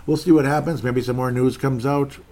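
A man's voice: mid-range voice, fairly even intonation, fairly quick, darkish tone. A man hosting his own podcast solo, talking in a rambling, conversational way that circles back and repeats itself. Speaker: podcast host. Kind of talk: casual solo podcast talk.

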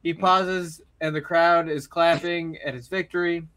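A high, bright-voiced man tells a wrestling show story with lots of energy. He laughs often and fills his talk with "uh". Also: fairly even intonation, measured pace, clean tone. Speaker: storyteller running a wrestling role-play. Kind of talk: animated wrestling narration with voiced promos.

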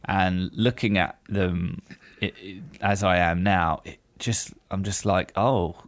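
A man's voice: sits low, level tone, takes it slowly, no echo. A man hosting a podcast in casual chat, with dry, self-deprecating humor. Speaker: podcast host.

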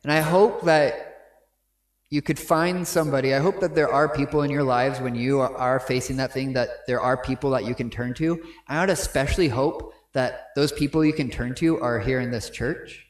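A man's voice: mid-range voice, fairly even intonation, normal speed, roomy sound. A man giving a sermon in a conversational way, often checking in with his listeners with asides. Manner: conversational, frequent "right?" asides. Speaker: pastor. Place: church sanctuary.

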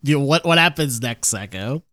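A man co-hosting a casual TV recap, laughing often and talking in a halting way with many restarts. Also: medium pitch, lively intonation, sharp tone, dry recording, studio quality. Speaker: podcast co-host. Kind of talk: casual TV episode recap chat.

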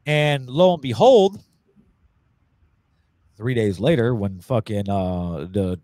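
A man's voice: fairly low pitch, expressive, slow pace, warm tone, no room sound. A man casually telling a long crude story, full of swearing and voiced quotes.

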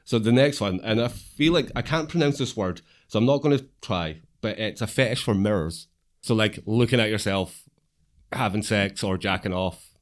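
A man's voice: lowish voice, normal speed. A young man with a Belfast accent, co-hosting a casual podcast in a dry, matter-of-fact, teasing way. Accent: Northern Irish, Belfast. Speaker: podcast co-host. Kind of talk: casual chat.

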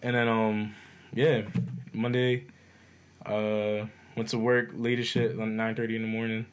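A man's voice: lowish voice, completely flat delivery, a little slow, slight background noise. A man, telling stories in a casual, swearing chat. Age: 20s. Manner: laid-back storytelling, lots of swearing.

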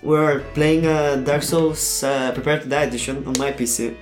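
A man's voice: on the high side, steady tone, normal speed. Male podcast co-host, crude teaser, echoey room with faint music. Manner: crude teasing, swears freely. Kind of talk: casual podcast banter.

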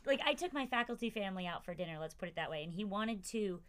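A woman's voice: medium pitch, animated, quick pace, slight background noise. A woman in her forties, a teacher, chatting casually on a podcast in a hesitant way with many fillers.

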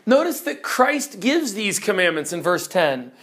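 A man's voice: high voice, big pitch swings, unhurried, a bit bright. A man preaching a teaching sermon who speaks emphatically and keeps putting questions to his listeners.

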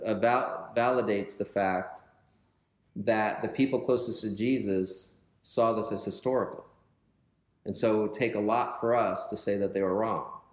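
A man's voice: fairly low pitch, roomy sound. A male pastor teaching a verse-by-verse sermon in a conversational way, retelling scripture in everyday words.

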